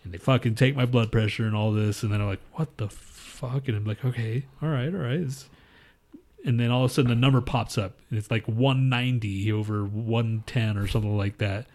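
A man's voice: fairly low pitch, fairly quick. A man on a podcast rambling through a crude, profane story in casual chat. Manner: rambling, profane, animated retelling. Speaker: podcast co-host.

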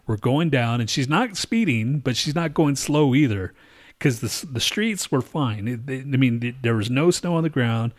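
A man's voice: mid-range voice, expressive, normal speed. A man telling a story in casual chat, rambling and swearing, with many restarts and fillers.

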